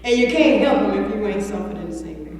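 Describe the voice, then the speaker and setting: A woman's voice: medium pitch, lively intonation, quick pace, darkish tone. A woman giving a personal recovery testimony to a room, blunt and earthy, swearing and laughing as she talks. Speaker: recovery meeting speaker. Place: large meeting room. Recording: echoey room from far off.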